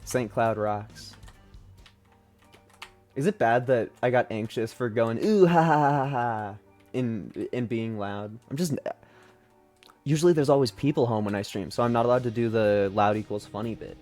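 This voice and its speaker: A man chatting loosely while he plays a game on stream at home, his voice sitting at a mid pitch. He rambles and jokes at his own expense, swearing freely, with faint music running behind him. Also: fairly even intonation, normal speed, long pauses, a little mellow. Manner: rambling, self-deprecating, sweary. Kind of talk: casual gaming commentary.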